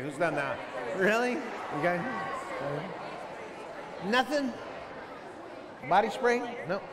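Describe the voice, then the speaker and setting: Middle-aged man, high voice, animated school-assembly talk, quizzes the audience, long hall reverb. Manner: storytelling, asks the audience questions, mimics sounds.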